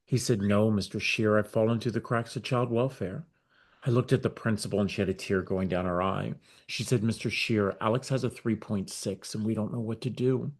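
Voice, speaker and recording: A middle-aged man, a guest on an interview podcast, telling his story with lively acted-out dialogue. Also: on the low side, fairly quick, husky. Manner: animated storyteller acting out quoted dialogue. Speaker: guest, nonprofit founder.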